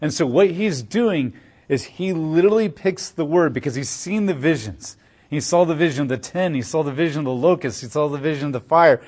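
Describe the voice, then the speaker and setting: A man's voice: fairly high pitch, brisk, darkish tone, husky. A man teaching verse by verse through a Bible passage, explaining in a conversational way with playful voiced asides.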